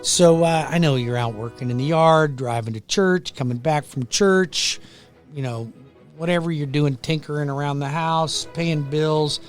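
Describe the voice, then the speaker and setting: A middle-aged man hosting a radio show, loud and pushy, joking at his own expense and going a bit hoarse from yelling. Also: on the high side, measured pace, soft background music. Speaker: radio show host, mortgage lender. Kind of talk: energetic radio sales pitch. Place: radio studio.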